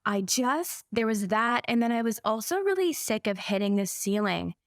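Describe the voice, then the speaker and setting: A woman's voice: on the high side, expressive, normal speed, no room sound, studio quality. A woman in her forties, a business coach for therapists, telling her story in a casual interview and acting out her own past words.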